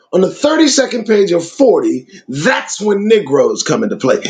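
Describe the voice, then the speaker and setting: A man's voice: high voice, low-quality recording. A man reading old scripture aloud and breaking off into casual commentary full of emphatic rhetorical questions.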